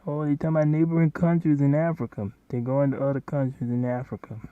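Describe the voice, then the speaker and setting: A man's voice: on the high side, level tone, fast talker, clear, resonant tone, dry recording. A man hosting, rambling and commenting casually over a video he is playing, often repeating himself. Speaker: host. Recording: dull, lo-fi home recording.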